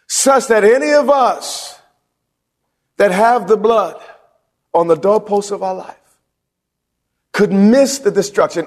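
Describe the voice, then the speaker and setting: Male pastor, high voice, call-and-response preaching, long church-hall reverb. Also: vocal fry. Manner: preaching with call-and-response questions, rising to shouts. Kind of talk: sermon.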